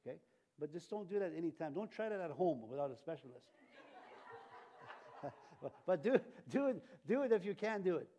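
An older man preaching a sermon in a lively, animated way, often laughing and acting out the voices he quotes. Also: high voice, brisk, long pauses.

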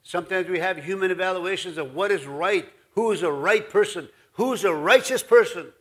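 A man's voice: high voice, moderate pace. A man pastor giving a folksy, rambling sermon in his church, full of asides. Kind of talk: conversational sermon.

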